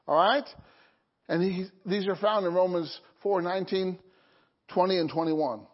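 High-voiced preaching man, lo-fi. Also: measured pace. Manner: call-and-response preaching, frequent "Okay?" and "Amen?". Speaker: pastor. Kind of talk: sermon. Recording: dull lo-fi recording.

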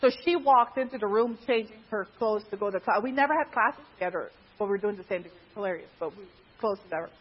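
A woman's voice: fast talker, few pauses, husky. A woman from Guyana casually telling a personal story in a chatty way, laughing often, on a dull lo-fi recording. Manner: chatty, laughs often, animated pitch jumps.

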